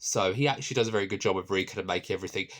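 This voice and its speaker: A man's voice: low voice, very fast, a bit bright. A man casually reviewing a TV episode, enthusiastic and rambling, with many ums and restarts.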